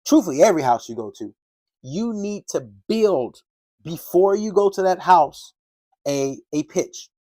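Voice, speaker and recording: Animated slangy man coaching sales. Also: high-pitched, a little slow, no room sound. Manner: casual, slangy, acts out doorstep dialogues. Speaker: door-to-door sales trainer. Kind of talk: animated sales training talk.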